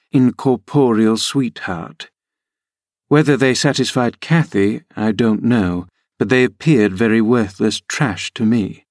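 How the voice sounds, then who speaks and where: A man narrating a classic novel as an audiobook reader, with a measured, steady reading. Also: lowish voice, no echo, studio quality. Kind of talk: scripted narration.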